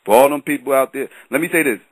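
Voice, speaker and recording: A man giving measured opinions in a casual panel chat, often hedging with "in my opinion.". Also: mid-range voice, dry recording, poor audio. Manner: measured, repeats "in my personal opinion". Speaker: battle rap commentator.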